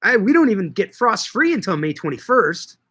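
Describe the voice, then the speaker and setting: A man's voice: sits high, very animated, brisk, sharp tone, slightly rough. A middle-aged man from Canada, hosting a casual livestream and chatting with viewers, joking and swearing casually. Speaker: livestream host and market grower. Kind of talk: casual livestream chat answering viewer comments.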